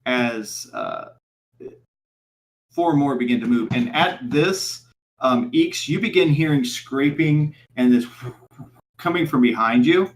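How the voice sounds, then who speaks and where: Man, game master, halting narration with lots of ums, roomy echo, mid pitch. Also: lively intonation. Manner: halting, filler-heavy narration.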